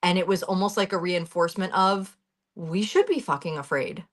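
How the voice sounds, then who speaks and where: A woman's voice: lowish voice, moderate pace. Blunt, heated woman on a call. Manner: blunt, swears freely, speaks with heated urgency. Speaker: guest on a talk show. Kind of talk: emotional personal account.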